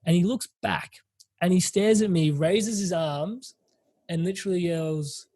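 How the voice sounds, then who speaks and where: Animated man telling a story. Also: high voice, normal speed, slightly rough, dry recording. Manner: animated, swearing, laughing through a story. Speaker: podcast host. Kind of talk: casual storytelling.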